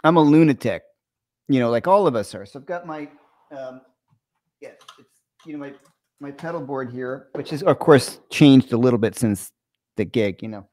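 A man's voice: mid-range voice, lively intonation, moderate pace, a little mellow. A man hosting a casual guitar chat from his home over a video call, rambling and poking fun at himself with lots of restarts. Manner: rambling and self-deprecating, full of restarts. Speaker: guitar teacher hosting the show. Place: room at home. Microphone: video call microphone.

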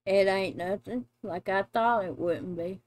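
A middle-aged mother hosting a casual reaction video, blunt and animated and quick to laugh. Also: medium pitch. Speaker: reaction channel host, mother.

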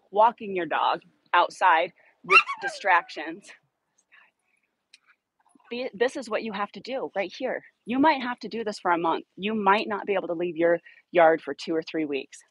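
A woman's voice: mid-range voice, very animated, normal speed, husky, no echo, low-quality recording. A woman dog trainer explaining outdoor leash training in a direct, blunt way, working with a puppy in a yard. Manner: direct, blunt coaching with upbeat praise to dogs.

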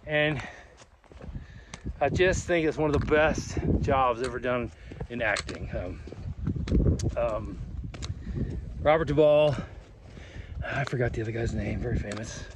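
A man's voice: medium pitch, unhurried, pauses often, noisy background. A man narrating a casual hiking vlog outdoors on a mountain trail, rambling and chatty, talking into a handheld camera. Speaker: hiking vlogger.

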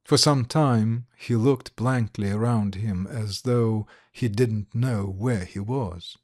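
A man reading a classic short story aloud slowly and clearly for English learners. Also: mid-range voice, darkish tone, no echo, studio quality. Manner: slow, deliberate, clear reading. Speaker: narrator.

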